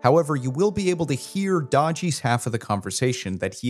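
A man narrating a tabletop game as game master, describing scenes in an animated way. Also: medium pitch, fairly quick, soft background music. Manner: animated, descriptive, chuckling at slips.

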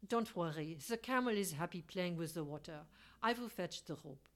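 A woman reading an audiobook, voicing a refined, unflappable middle-aged gentleman who speaks politely and calmly. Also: fairly low pitch, normal speed, close to an everyday voice. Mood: composed. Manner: polite, composed and courteous.

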